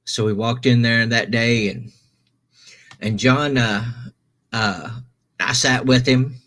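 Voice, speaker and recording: A man's voice: mid-range voice, takes it slowly, a bit bright. A man hosting a stream, telling a long story casually, rambling with many restarts and self-corrections.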